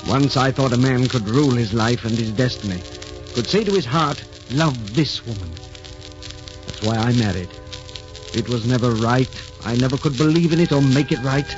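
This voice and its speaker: An actor playing Admiral Nelson, an ardent, heroic naval lover, with an earnest, impassioned theatrical delivery in a 1940s radio drama. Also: male voice, mid-range voice, normal speed, close to an everyday voice. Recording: muffled old radio broadcast with music.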